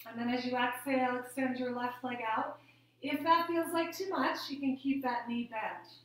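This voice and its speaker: A woman teaching a gentle yoga class, guiding the breath in a calm, soothing way. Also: sits high, moderate pace. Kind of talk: guided yoga instruction. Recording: very echoey room.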